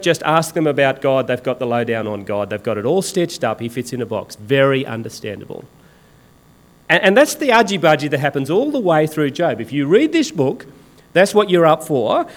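A man preaching a sermon in an emphatic, sarcastic and colloquial way. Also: on the high side.

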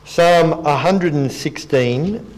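A man with a fairly high speaking voice delivers a sermon. He keeps it conversational and pokes fun at himself, then slows into reading scripture aloud to the congregation. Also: poor audio. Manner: conversational and self-deprecating, reads scripture aloud. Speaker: preacher.

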